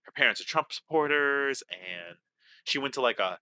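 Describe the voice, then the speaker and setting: A man co-hosting a casual podcast, talking in an animated, excitable way with swearing and quick asides. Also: mid-range voice, clear, resonant tone. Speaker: podcast co-host.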